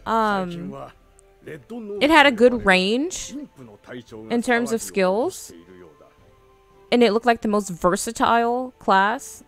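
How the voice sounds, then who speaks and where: Young woman, game streamer, casual commentary, slow unhurried pace, slangy and chatty. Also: on the high side, fairly bright tone. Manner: laid-back, chatty, slangy, laughs often.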